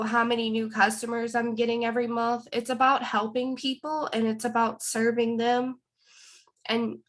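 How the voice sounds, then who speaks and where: A woman speaks earnestly to her team about commitment and serving others. Her voice sits slightly high, and she comes across as sincere and a little nervous. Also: fairly bright tone. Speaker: guest speaker on a team call. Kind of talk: motivational talk.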